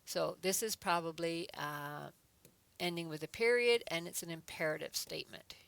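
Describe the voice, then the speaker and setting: Woman, adult education teacher, patient step-by-step explaining, gravelly, low-pitched. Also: normal speed, a bit bright. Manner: patient, explains step by step, reads example sentences aloud with emphasis. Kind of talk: online grammar lesson.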